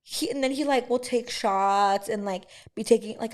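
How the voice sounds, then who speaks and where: Higher-voiced young woman, slangy podcast chat. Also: moderate pace. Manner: slangy, sarcastic, laughs often. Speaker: podcast co-host. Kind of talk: casual chat.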